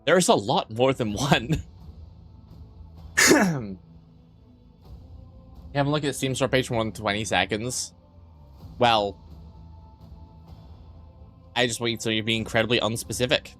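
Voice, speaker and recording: A man's voice: mid-range voice, measured pace, long pauses, fairly bright tone, faint music behind. A young man streaming live, joking crudely and rambling as he reads and answers his chat.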